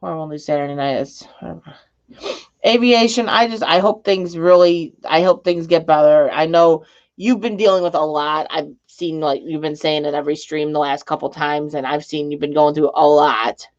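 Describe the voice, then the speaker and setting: A woman's voice: deep voice, steady tone, normal speed, lo-fi sound. A woman live-streaming, chatting casually with her viewers and rambling and laughing between thoughts. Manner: rambling, joking, laughs often. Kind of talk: casual live-stream chat reading comments.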